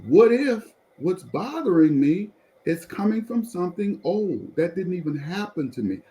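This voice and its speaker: Lively, animated man preaching testimony. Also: high-pitched, moderate pace, slight background noise, poor audio. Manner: animated storyteller, repeatedly telling the listener to follow along. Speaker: pastor.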